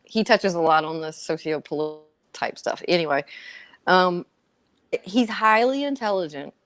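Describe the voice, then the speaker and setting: A woman guest on a casual panel discussion, frank and profane, slow and emphatic. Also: on the low side, expressive, a bit bright.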